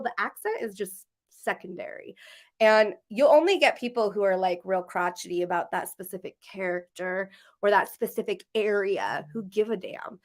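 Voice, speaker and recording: A woman co-hosting a podcast, chatting casually and laughing often. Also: a little high. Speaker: podcast co-host. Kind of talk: casual chat.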